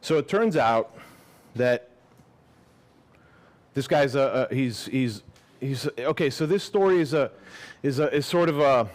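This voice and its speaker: A man reading his own fiction aloud to a live audience at a gallery event, expressive, then chatting casually and swearing. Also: medium pitch, measured pace, pauses often. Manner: lively and expressive, casual and swearing when speaking off the page.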